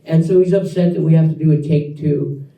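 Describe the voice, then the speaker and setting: A man in his forties, an actor guest at a live Q&A, telling an animated anecdote, laughing as he acts out what people said. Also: fairly high pitch, brisk, highs cut off. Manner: animated storyteller, laughs through lines, acts out quotes. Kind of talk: live Q&A storytelling. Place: event room with audience. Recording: echoey room, mic at a distance.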